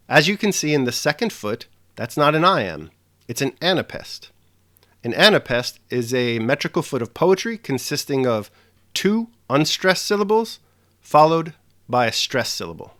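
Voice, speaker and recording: Brief: an animated male lecturer, mid-range pitch, scripted and explanatory. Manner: explanatory, with emphatic stresses. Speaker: literature teacher. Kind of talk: scripted lesson narration.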